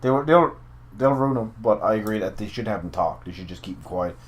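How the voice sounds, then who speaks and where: A man co-hosting a podcast, talking in an animated, profane way with emphatic asides. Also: on the low side, a little fast. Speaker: podcast co-host. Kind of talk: casual wrestling chat.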